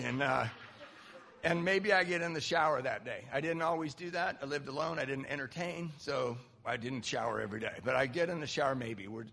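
Gravelly-voiced man telling his story. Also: on the high side, a bit bright, in a large hall. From Southern California. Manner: candid, self-mocking, halting restarts. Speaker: recovery speaker. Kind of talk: personal story talk.

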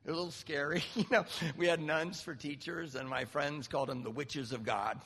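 A man sharing a candid, self-mocking recovery story to a group, with halting restarts. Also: on the high side, steady tone, fairly bright tone, long reverb tail, slight background noise. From Southern California. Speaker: recovery speaker. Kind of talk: personal story talk.

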